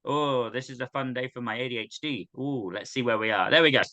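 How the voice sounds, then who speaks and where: A man hosting a sing-along over a video call, chatty and poking fun at himself as he greets people. His voice is very bright and smooth, set a little high, with a dry close sound. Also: fairly quick, no echo, lo-fi sound. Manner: chatty and self-mocking. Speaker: host. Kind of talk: casual welcome and roll call.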